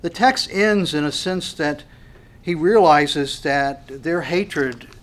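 Earnest higher-voiced male pastor preaching. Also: takes it slowly. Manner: earnest, emphatic, with frequent restarts and repeated words. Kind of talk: expository sermon.

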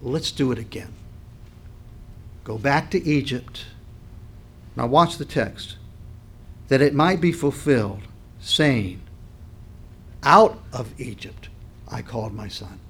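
A male pastor delivering a sermon at a medium pitch. He builds to loud, emphatic peaks and falls back to quiet, conversational asides. He clears his throat from time to time. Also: lively intonation, takes it slowly, long pauses. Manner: dynamic preaching, voice swells and drops with emphasis.

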